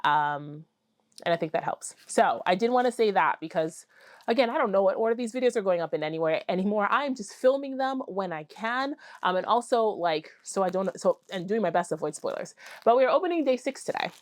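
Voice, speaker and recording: A woman vlogging about her spinning project in a casual, excitable way, full of fillers and little squeals of delight. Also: mid-range voice, a little fast, dry recording, studio quality. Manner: excitable, gushing, apologizes for screaming; chatty with many fillers. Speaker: fiber arts vlogger. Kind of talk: casual chat to camera.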